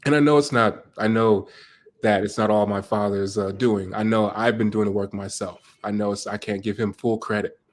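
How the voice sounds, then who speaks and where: A man's voice: fairly low pitch, steady tone, moderate pace. A man speaking as a guest on a talk show, earnest and heartfelt about his own life. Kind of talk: personal conversation.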